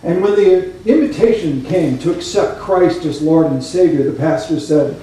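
High-voiced pastor in an echoey church. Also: male voice, normal speed, a little hiss or hum. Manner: animated storytelling, conversational asides. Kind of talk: sermon. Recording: echoey room, voice from a distance.

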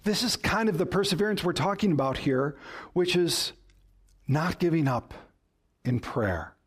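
A pastor giving an animated sermon, telling stories and asking the congregation questions. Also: male voice, a little high, a little slow, husky. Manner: animated storytelling with audience questions.

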